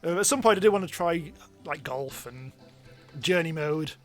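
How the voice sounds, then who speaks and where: A man giving chatty, self-mocking live commentary as he streams a game, now and then bursting into excited yelps. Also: a little high, normal speed, faint music behind. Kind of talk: live let's-play commentary.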